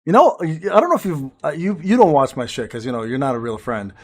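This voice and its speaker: A man with a high, bouncy voice that swings all over the place, firing off teasing, swear-filled jabs. He plays up mock outrage at his buddy during casual livestream banter. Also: lively intonation, fast talker, darkish tone. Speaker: gaming streamer.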